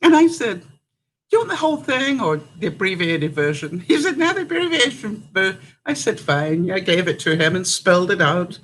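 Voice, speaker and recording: A woman's voice: mid-range voice, sing-song, moderate pace, rough recording. An older woman from Canada, telling a story to camera in a chatty way, laughing often and acting out what others said. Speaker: vlogger.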